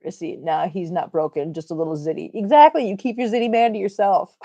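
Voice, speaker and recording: A woman's voice: lowish voice, brisk, warm tone, highs cut off. A middle-aged woman hosting a casual livestream, joking and chatting as she reads viewer comments aloud. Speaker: livestream host reading chat.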